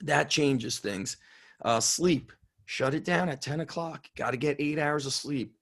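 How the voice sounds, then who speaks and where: A man's voice: fairly high pitch, measured pace, creaky, a bit bright. A middle-aged man, a strength coach, talking bluntly and swearing freely in a casual interview.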